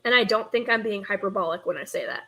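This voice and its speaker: A woman's voice: mid-range voice, animated, fast, bright, forceful tone. A young woman with a Northern US accent, hosting a casual live stream, rambling and chatting with her viewers. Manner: rambling, chatty, reads chat aloud, self-interrupting. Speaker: streamer hosting a nostalgia show.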